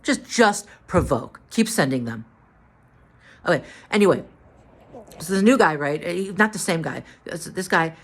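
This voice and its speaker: A tired, drained woman telling a story to the camera in a halting way, repeating words and restarting. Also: deep voice. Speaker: vlogger.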